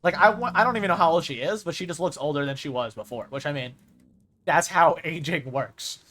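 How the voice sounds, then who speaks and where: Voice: medium pitch, brisk, fairly bright tone. A streamer chatting casually over live gameplay, rambling with lots of fillers and casual swearing.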